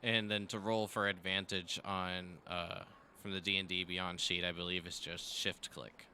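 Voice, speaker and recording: A man's voice: low-pitched, flat delivery, moderate pace, bright, forceful tone, slight background noise. A man running a tabletop game as game master over voice chat, hesitant and full of fillers, laughing easily.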